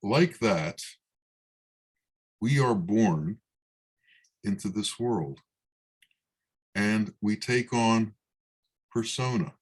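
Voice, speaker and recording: Slow, low-voiced man telling a parable. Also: animated. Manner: slow, measured storytelling. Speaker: Sufi teacher. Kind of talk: spiritual talk with parable.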